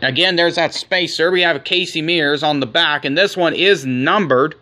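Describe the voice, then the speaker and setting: A man in his forties narrating a card-pack opening in casual commentary, rattling off names one after another and saying he is shaking with excitement. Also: on the high side, moderate pace. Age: 40s. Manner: rattles off names in a running list. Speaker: card collector opening packs.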